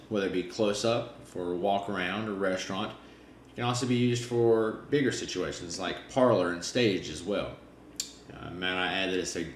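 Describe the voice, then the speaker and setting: A man, a magician, presenting a quick gag tutorial to viewers in a friendly, direct way. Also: on the low side. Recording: echoey room, faint noise.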